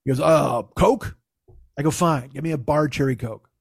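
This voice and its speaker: A man spins a casual, profane anecdote, slipping into other people's voices as he quotes them. His voice sits a little high for a man and sounds dry and close to the mic, with no room behind it. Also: moderate pace, creaky, slightly rough, no room sound. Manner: profane, animated, acts out quotes. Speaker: storyteller. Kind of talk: casual storytelling.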